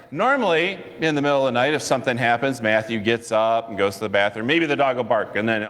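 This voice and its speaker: A man pastor preaching a sermon, telling a personal story in a lively way with chuckles and asides. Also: mid-range voice, quick pace, hardly any pauses. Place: church sanctuary. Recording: long church reverb.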